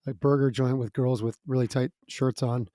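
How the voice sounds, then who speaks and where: A man's voice: mid-range voice, fairly even intonation, normal speed, mellow, no room sound, clean studio sound. A middle-aged man, a guest musician, telling stories in a chatty way, laughing between lines. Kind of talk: casual storytelling interview.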